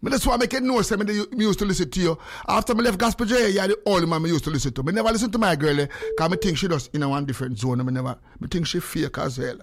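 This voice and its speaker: A high-voiced Jamaican man hosts a casual radio show. He talks in heavy patois, animated and teasing, and his tone sits well above most men's. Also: very fast, few pauses. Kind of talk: casual on-air chat.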